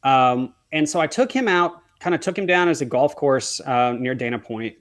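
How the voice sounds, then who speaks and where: A man's voice: medium pitch, expressive, moderate pace, fairly bright tone. A man, a wedding photographer, telling a heartfelt story as a podcast guest, earnestly acting out the dialogue he quotes.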